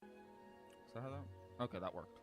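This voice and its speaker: A man's voice: medium pitch, a little slow. A man chatting casually on a live game stream, rambling through stories and swearing now and then. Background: game music.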